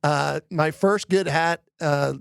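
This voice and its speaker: A man's voice: on the high side, slow pace, gravelly, a bit bright, clean tone, no echo, studio quality. A middle-aged man from the Philadelphia area, an arena president telling stories in a casual interview, full of "you know" fillers and acted-out quotes. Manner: chatty, many "you know" fillers, acts out quoted dialogue. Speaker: arena president and general manager.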